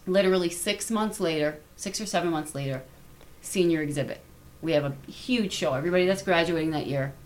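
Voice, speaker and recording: A middle-aged woman telling a personal story in casual conversation, animated and acting out the dialogue. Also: low-pitched. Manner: animated, repeats words, quotes people in dialogue. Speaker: guest artist.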